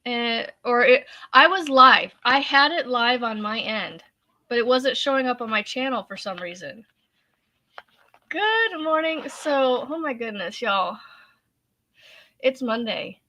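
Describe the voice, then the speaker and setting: A woman's voice: on the high side, animated, a little slow, bright, forceful tone. A woman, casually chatting on her crochet livestream, giggly and talkative, laughing so hard her eyes water. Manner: giggly, chatty, addresses viewers as y'all. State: laughing to tears.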